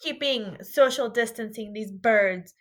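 A woman in her thirties from California, co-hosting a podcast and telling stories in casual chat, acting out quotes. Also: measured pace. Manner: chatty storyteller, acts out quotes in a higher voice. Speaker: podcast co-host.

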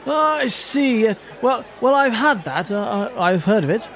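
A man's voice: high voice, very animated, normal speed, a bit bright, some chatter behind. A man playing a clueless, bumbling diner who stammers and blusters. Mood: blustering.

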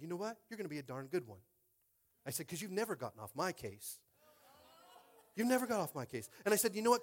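Animated man preaching a sermon. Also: on the high side. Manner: animated preaching, repeated "Are you with me?" call-outs. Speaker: pastor.

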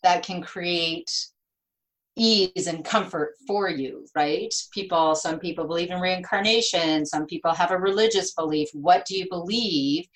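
A middle-aged woman, an author, chatting in a lively, storytelling way. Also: fairly low pitch, unhurried, low-quality recording. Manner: chatty, animated storytelling with laughs. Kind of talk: casual conversation.

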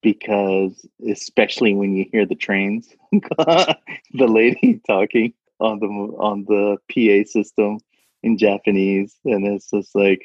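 A man from Saudi Arabia, a guest in a casual interview, telling stories in an animated way, laughing often and acting out other people's voices. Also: on the low side, slow, husky, no room sound, dull audio.

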